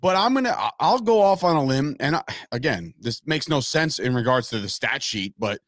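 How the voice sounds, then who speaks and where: A man's voice: medium pitch, animated, normal speed, no room sound, studio quality. A man giving emphatic, profane opinions as a podcast co-host in casual sports chat.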